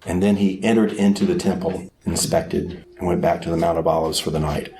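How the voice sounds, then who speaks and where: A man preaching a sermon who tells the story dramatically, sometimes acting out crowd voices with sudden shouts. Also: sits low, fairly even intonation, a little fast.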